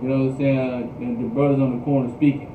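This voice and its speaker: A man with a mid-range, level voice teaches a scripture class quickly as a preacher, far from the mic. He goes in repetitive call-and-response fashion, often checking "you understand?" while the class responds. Noise and echo fill the phone-like livestream audio.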